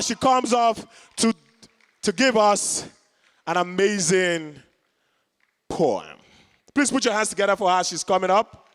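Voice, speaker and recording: A man's voice: high voice, expressive, unhurried, pauses often, a bit bright, smooth. A man with a Nigerian Anambra accent hosting a live event, joking and chatting with the audience. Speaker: event host. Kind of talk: live emcee announcements. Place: conference hall. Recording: echoey hall from a distance.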